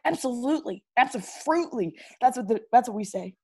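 A woman's voice: a little high, expressive, quick pace, mellow, slightly rough. A woman playing a brash, slangy teenage boy who breakdances and pranks, in an improv comedy interview. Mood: boastful. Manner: slangy, boastful, calls people bro.

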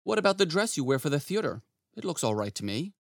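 An actor playing a mild, eager-to-please clerk husband in an audio drama, speaking in a gentle, coaxing way. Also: male voice, a little high, big pitch swings, quick pace, gravelly, no echo. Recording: dry close studio sound.

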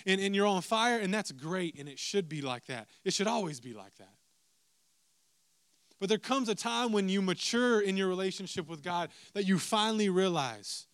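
A man's voice: high voice, a bit bright, clear, resonant tone, no room sound. A young adult man preaching a sermon, telling a story with lots of repeated asides to the listeners. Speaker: pastor.

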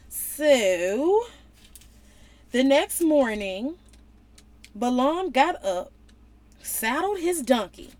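A woman gives a casual Bible lesson in a high, bright voice. Her pitch leaps around as she talks. She uses a lot of slang and keeps slipping into playful character voices. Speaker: Bible teacher.

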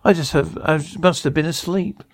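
A man's voice: on the high side, normal speed, no room sound, clean studio sound, close to an everyday voice. A man reading the lines of an injured, frail older male passenger on a spaceship. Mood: wistful.

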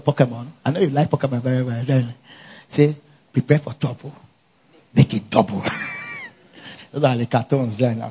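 A male pastor preaching a lively sermon at a church conference, calling out to the congregation for answers. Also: medium pitch, breathy edge, lo-fi sound. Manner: animated, call-and-response with congregation.

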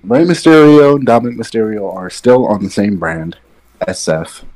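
A man co-hosting a podcast, giving his opinions in relaxed casual chat while sitting away from his mic. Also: lowish voice, normal speed, rough recording. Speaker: podcast co-host.

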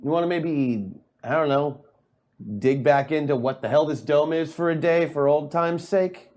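A man's voice: a little high, fairly even intonation, moderate pace, darkish tone. A man playing in a tabletop game, speaking in a wry, exasperated, questioning way. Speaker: player. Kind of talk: actual-play tabletop role-play.

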